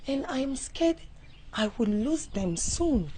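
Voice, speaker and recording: An actress playing a worried daughter who pleads earnestly. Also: female voice, high-pitched, very animated, slow pace, dark tone, slightly rough, exaggerated voice. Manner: earnest, urgent. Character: worried young woman, protective daughter. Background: background music.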